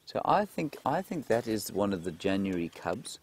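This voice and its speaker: A man giving live safari commentary outdoors in the bush, chatting through viewer questions and dropping to a hushed, excited voice when animals appear. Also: lowish voice, normal speed, a little hiss or hum. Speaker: safari guide presenter. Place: outdoors in a game vehicle in the bush.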